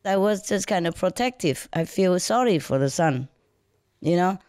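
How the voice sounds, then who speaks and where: A woman telling a casual story to listeners in broken English, animated and often laughing as she speaks. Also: lowish voice, normal speed, clear, resonant tone, no echo, studio quality. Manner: non-native English with broken grammar. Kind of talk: casual anecdote told to listeners.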